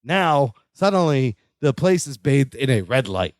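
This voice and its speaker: A man co-hosting a podcast, retelling a sitcom episode in casual chat, jumping up in pitch when he quotes the characters. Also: a little slow, no room sound, clean studio sound. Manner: animated, jumps pitch for quotes, laughs often. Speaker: podcast co-host.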